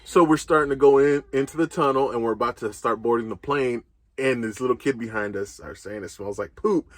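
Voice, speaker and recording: A young man casually telling a story, animated, laughing, and swearing freely as he goes. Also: medium pitch, fairly quick, slight background noise. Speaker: co-host.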